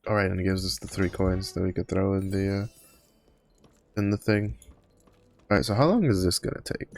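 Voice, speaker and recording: Low-voiced man rambling over his game. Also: moderate pace. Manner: rambling, many fillers and self-corrections; yawning, tired. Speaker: game streamer. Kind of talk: casual live-stream commentary.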